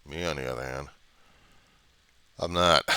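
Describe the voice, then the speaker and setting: A man's voice: a bass voice, takes it slowly, pushed and bright, clear, resonant tone, no room sound. A man from the United States, rambling and trailing off in a personal video diary, with mild cursing. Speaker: video diarist.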